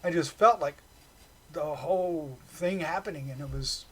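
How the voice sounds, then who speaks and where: A man hosts a film review podcast in an excitable, off-the-cuff way. His tone is bright and sharp, and a bit high for a man. He bursts up in energy and then trails off into low mutters. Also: normal speed, breathy edge, rough recording.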